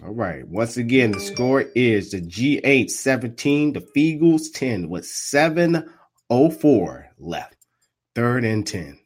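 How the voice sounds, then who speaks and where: A man doing casual live play-by-play of a football game, trash-talking and laughing, swinging from muttered asides to loud outbursts. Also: medium pitch, big pitch swings, slow pace. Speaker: live sports commentator and streamer.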